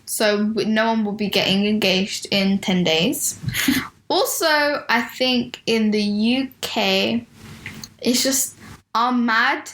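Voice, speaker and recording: A woman's voice: mid-range voice, steady tone, takes it slowly, a bit bright. A young woman co-hosting a podcast, giving blunt opinions and laughing often. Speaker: podcast co-host. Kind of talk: casual chat.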